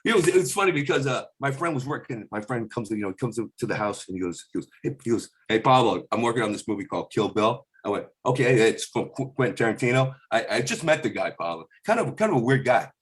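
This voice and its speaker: Animated man telling stories with impressions. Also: medium pitch. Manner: slips into quick celebrity impressions mid-story; rambling, restarts sentences often. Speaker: stand-up comedian. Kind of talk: animated storytelling.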